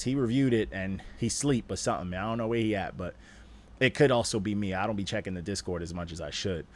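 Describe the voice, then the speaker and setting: A man hosting a stream and critiquing rap submissions in a casual, animated way, full of slang and "you know what I'm saying". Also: fairly low pitch, fast talker. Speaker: rap judge and stream host.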